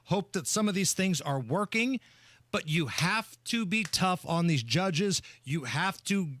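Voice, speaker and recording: Lively high-voiced male radio host. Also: dry recording. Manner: emphatic and opinionated. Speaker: radio talk show host. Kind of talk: talk radio commentary. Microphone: studio microphone.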